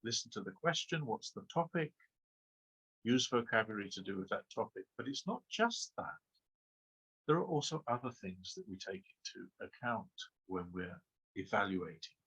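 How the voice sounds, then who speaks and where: A man's voice: on the low side, very animated, moderate pace, a bit bright, breathy edge, dull audio. A man giving a lecture as an exam trainer, speaking emphatically and asking many rhetorical questions with a frequent "okay?". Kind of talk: webinar lecture.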